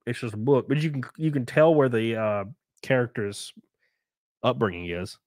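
A man's voice: medium pitch, lively intonation, moderate pace, darkish tone, no echo. Sick casual male streamer, dry close mic. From United States. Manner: loose and rambling, swears casually, trails off and restarts. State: sick, congested. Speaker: livestream host. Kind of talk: casual livestream chat reading viewer comments.

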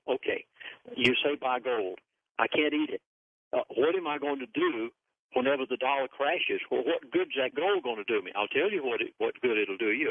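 A man's voice: mid-range voice, dry recording. A man guest on a call-in radio show, speaking in an earnest, grave and emphatic way over a phone line. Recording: dry, tinny phone line.

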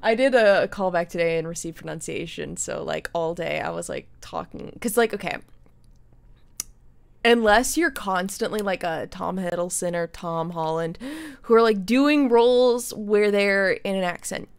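A young American woman streams a video game, offering casual let's-play commentary that rambles and is full of laughter. Her fairly low voice is animated, gravelly yet smooth, at a moderate pace.

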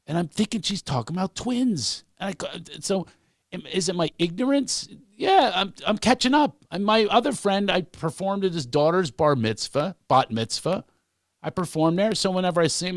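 Animated middle-aged man telling comic stories. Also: moderate pace, dry recording, clean studio sound. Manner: animated storyteller, acts out quoted voices, big pitch swings. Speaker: comedian guest. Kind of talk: storytelling in a podcast chat.

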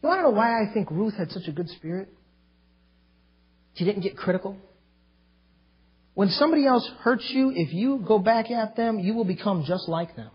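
A male pastor preaching a sermon emphatically, with sudden loud outbursts. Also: high-pitched, expressive, moderate pace, pauses often, husky, dull audio. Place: church.

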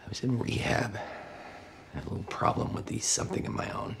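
A man's voice: on the low side, animated, brisk, slight background noise. An actor playing a sardonic middle-aged male doctor who talks in a dry, cutting way. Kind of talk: TV drama acting.

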